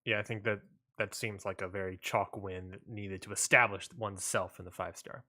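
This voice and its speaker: A man co-hosting a casual wrestling podcast, laid-back and rambling, often trailing off quietly at the ends of lines. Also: on the low side, fairly even intonation, a little fast. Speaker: podcast co-host.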